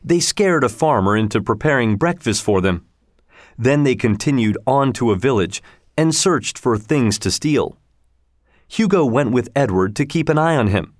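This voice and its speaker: A man narrating a storybook aloud in a measured, expressive way. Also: medium pitch, dry recording, clean studio sound.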